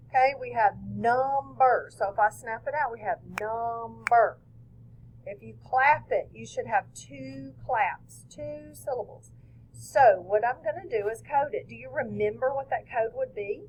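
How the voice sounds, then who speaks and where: A woman's voice: a little high, darkish tone, slight background noise, rough recording. A woman teacher explaining a phonics lesson patiently step by step.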